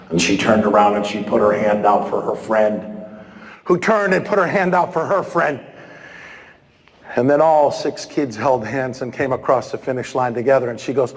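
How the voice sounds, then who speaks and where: A man giving an animated, playful talk at a school assembly, shouting for emphasis and slipping into comic impressions. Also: mid-range voice, moderate pace, a little hiss or hum. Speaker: motivational speaker at a school assembly. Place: large school gym with students. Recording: reverberant hall with crowd murmur.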